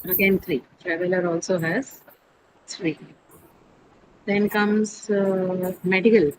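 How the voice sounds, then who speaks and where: A woman teacher leading an English pronunciation lesson, patiently repeating each word slowly for her students. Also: fairly low pitch, flat delivery, noisy background. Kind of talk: classroom lesson on syllables and stress.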